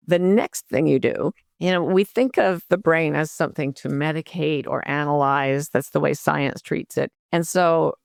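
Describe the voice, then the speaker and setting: Gravelly, gently explaining older woman. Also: low voice, dry recording, studio quality. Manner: warm, gentle explanations with soft spoken self-talk asides. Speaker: guest, life coach and author. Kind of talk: podcast interview.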